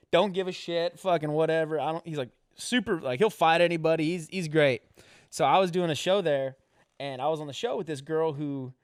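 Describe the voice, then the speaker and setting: A man's voice: a little high, dry recording. Young comic guy hosting a podcast, cussing a lot, acts out everyone in his stories, sounds dry. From rural Western US, grew up rodeoing. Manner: rambling, profane, acts out voices in his stories. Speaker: podcast host and comedian. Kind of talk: casual storytelling chat.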